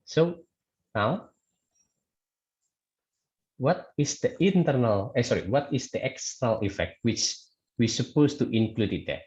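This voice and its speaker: A man's voice: medium pitch, lively intonation, a little slow, pauses often, darkish tone, muffled recording. A man teaching a statics lecture online, hesitant, with many fillers and restarts, often checking in with "okay".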